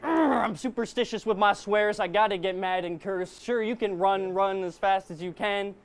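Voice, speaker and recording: Over the sound of a live crowd, a man raps a battle verse, hurling aggressive, mocking punchlines at his rival. His high voice is clean and steady, moving at a moderate pace.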